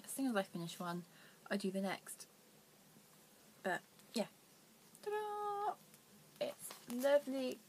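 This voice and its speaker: A woman's voice: medium pitch, slight background noise. A young woman hosting a casual knitting vlog, rambling and self-deprecating, with her voice dropping to near whispers at times. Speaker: knitting podcast host.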